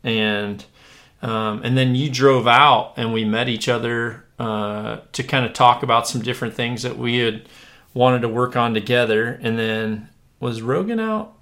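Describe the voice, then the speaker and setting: A man hosting a casual podcast, talking in a relaxed, rambling way with many fillers and restarts. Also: mid-range voice, measured pace. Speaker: podcast host. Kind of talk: casual chat.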